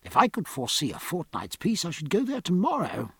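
A man's voice: fairly high pitch, huge pitch swings, fairly quick, a bit bright, slightly rough, no echo, exaggerated voice. A man voicing a genial colonial governor. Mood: expansive.

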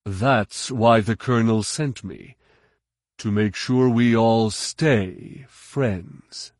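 A man voicing a sly, smooth-talking male security officer, amiable on the surface and quietly menacing. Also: lowish voice, extremely slow, no echo, studio quality.

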